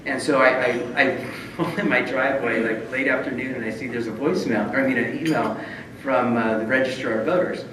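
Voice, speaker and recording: In a very echoey hall, recorded from a distant mic with room noise around him, a middle-aged judge receiving an honor speaks at a banquet. His mid-range voice is steady and quick. He chuckles a lot, tells self-mocking stories, and often restarts what he's saying.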